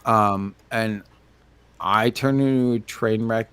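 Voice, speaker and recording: A man's voice: fairly low pitch, steady tone, slow pace, a bit bright, smooth. A tipsy man co-hosting a late-night livestream, rambling and stammering, often cursing at himself. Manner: rambling, stammering, self-deprecating, swears. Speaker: podcast co-host.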